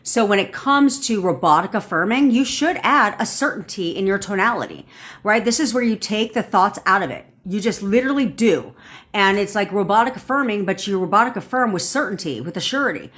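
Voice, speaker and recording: A woman's voice: mid-range voice, animated, fairly quick, fairly bright tone. A woman manifestation coach on a live stream, ranting bluntly and swearing casually while answering viewers' comments.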